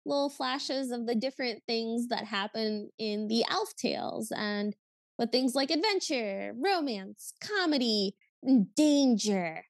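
A woman co-hosting a podcast in casual chat, animated and exasperated as she recaps something. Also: on the high side, measured pace, vocal fry, no echo. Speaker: podcast co-host.

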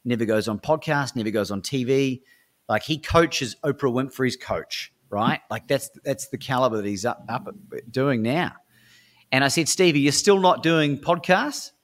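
A man's voice: medium pitch, normal speed. An Australian man, a coach and speaker, telling stories as a guest in a podcast interview in an enthusiastic, emphatic way. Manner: enthusiastic, emphatic, repeats words when he restarts. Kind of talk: animated storytelling in a podcast interview.

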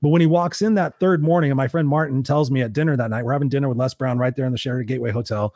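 A middle-aged man hosting a show, telling stories in casual chat, animated and swearing freely as he acts out quotes. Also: medium pitch, rapid-fire, no echo, clean studio sound. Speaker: podcast host.

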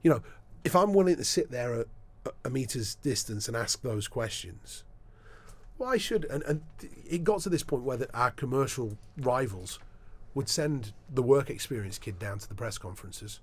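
A man being interviewed as a sports broadcaster, telling animated anecdotes in a casual chat, often restarting his sentences. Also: medium pitch, normal speed, slightly rough.

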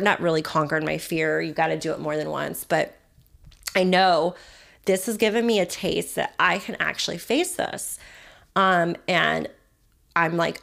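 Give me a chatty woman telling a story on her podcast, lowish voice. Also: normal speed, vocal fry. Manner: chatty, animated, full of fillers and self-mocking asides. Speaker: podcast host. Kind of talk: casual storytelling monologue.

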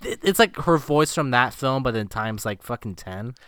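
A man co-hosting a movie podcast who recaps the plot with sardonic, profane asides. His voice is bright and clear and moves up and down a lot. The recording is dry and close. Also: mid-range voice, expressive, moderate pace, dry recording. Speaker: podcast co-host. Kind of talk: casual movie-review chat.

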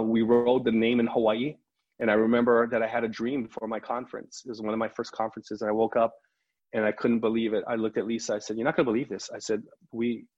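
Husky middle-aged pastor telling a story. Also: male voice, medium pitch. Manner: animated storyteller who acts out quoted dialogue. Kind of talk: storytelling in a podcast interview. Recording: slightly muffled lo-fi recording.

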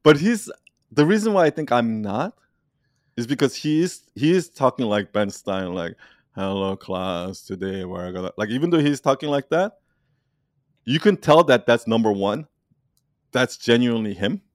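A man leading an online community, talking casually in an animated, rambling way and laughing often. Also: medium pitch, moderate pace, long pauses, dry recording, clean studio sound. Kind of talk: casual conversation.

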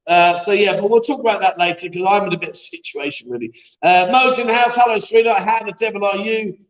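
A chatty man hosts a live-stream show, joking with his co-host and reading out viewer messages. His voice sits fairly high, and the room around him rings with echo. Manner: chatty, jokey banter, reads viewer comments aloud. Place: echoey room being set up as a studio. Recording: echoey room.

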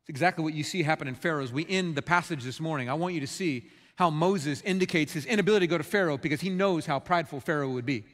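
A male pastor preaching a sermon, impassioned and swinging between loud outbursts and hushed, quiet passages. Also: on the high side, fast, long reverb tail.

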